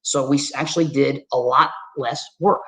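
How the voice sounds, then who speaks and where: Energetic man with a New York accent. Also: medium pitch, moderate pace, low-quality recording. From Staten Island, New York. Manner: energetic, folksy, conversational, addresses audience directly. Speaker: webinar guest presenter. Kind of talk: presenting slides in a webinar.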